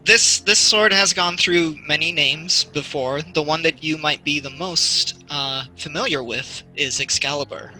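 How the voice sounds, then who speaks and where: Male game master for a tabletop game: slow, halting narration, slightly high voice. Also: bright, forceful tone, faint music behind, rough recording. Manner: halting narration in second person.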